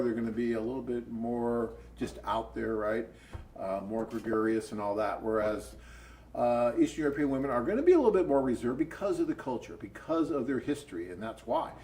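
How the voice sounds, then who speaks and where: An American man co-hosting a live dating-agency Q&A, telling stories in an animated, chatty way. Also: medium pitch, poor audio. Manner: animated storyteller, chatty and upbeat. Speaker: co-host of a dating agency webcast. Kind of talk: casual live Q&A chat.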